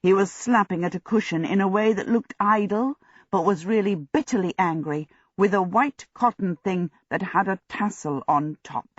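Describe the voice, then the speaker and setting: An audiobook narrator reading a fantasy story in a steady, measured way. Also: medium pitch, no echo. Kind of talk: scripted narration. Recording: dull lo-fi audio.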